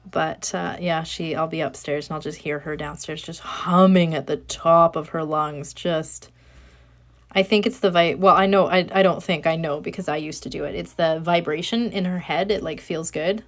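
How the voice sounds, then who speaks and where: Soothing, chatty woman crafting at home. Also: lowish voice. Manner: chatty, rambling, soft-spoken. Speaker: craft livestreamer. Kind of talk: casual chat while crafting.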